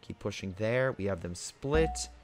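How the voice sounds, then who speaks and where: A young gaming video host thinks aloud while ordering his units around in a strategy game, keeping the commentary casual. His voice sits on the low side with lively intonation and a measured pace, over game music and slight background noise.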